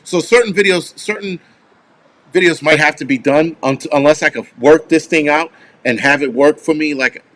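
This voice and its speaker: A man with a fairly high voice hosts a casual live stream and rambles from one thought to the next. He swears freely, and when he tells a story his delivery turns animated. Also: normal speed. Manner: rambling, with restarts. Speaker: host.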